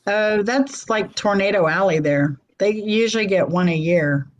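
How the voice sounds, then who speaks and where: A woman with a Midwestern American accent hosting a casual live-stream chat, talkative and quick to laugh. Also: medium pitch, dull audio. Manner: chatty, laughs often. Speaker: host.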